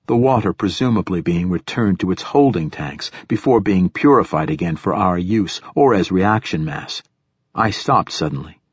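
Deep husky guy reading an audiobook, steady measured pace, dry close sound. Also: dry recording. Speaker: audiobook narrator. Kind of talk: scripted first-person narration.

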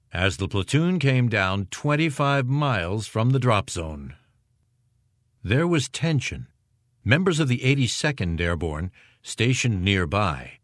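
A man reading a nonfiction war history aloud as an audiobook narrator, measured and expressive. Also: fairly low pitch, no room sound, studio quality. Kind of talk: scripted narration.

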